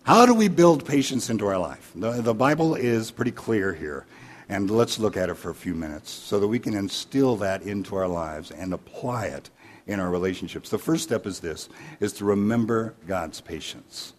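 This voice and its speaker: A man's voice: on the low side, animated, moderate pace, a little hiss or hum. A man preaching a sermon in a folksy storytelling way, weaving jokes into scripture. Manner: folksy, anecdotal, with fillers and restarts. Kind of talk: sermon with humorous stories.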